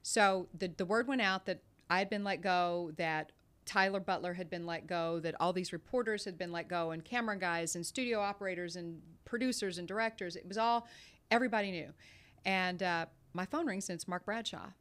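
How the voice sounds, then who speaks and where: A woman's voice: on the low side, fairly quick, fairly bright tone, clear, resonant tone. A woman in her fifties, a TV news anchor, telling her story candidly as a guest in a casual interview. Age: 50s.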